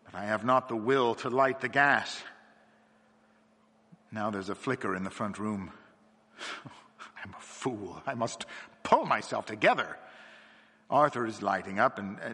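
A man reads a dark horror story in a husky, bright-edged voice. His delivery is tense and dramatic, dropping low and climbing high, with a long hall reverb trailing each line. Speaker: narrator.

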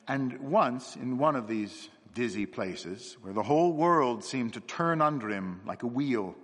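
A man voicing a gentle, perceptive little priest who speaks gravely and calmly. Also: medium pitch. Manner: grave, quiet and calm. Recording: long hall reverb.

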